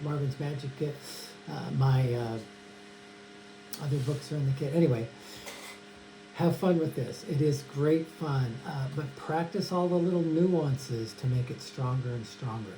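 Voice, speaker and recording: A man's voice: fairly high pitch, a little slow, warm tone. A man casually teaching a magic trick, chatting and addressing an imagined audience of kids. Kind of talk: casual tutorial demonstration. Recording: echoey room with mains hum.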